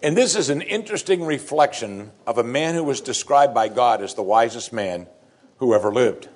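A man delivers a sermon as a congregation's pastor. His voice is husky and mid-pitched, and he hammers home key phrases by repeating them with rising emphasis. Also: expressive, normal speed.

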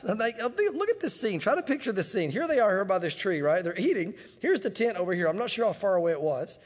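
A man's voice: sits high, sing-song, quick pace, few pauses, long reverb tail. A man preaching a Bible-teaching sermon in a conversational way, with joking asides. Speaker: pastor.

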